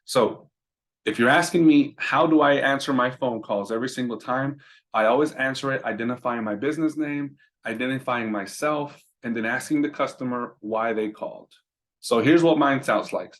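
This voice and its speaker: With a mid-range, slightly bright voice at normal speed, a man who trains roadside businesses explains how to handle business calls. His delivery is chatty, with repeated words and frequent "right?" checks.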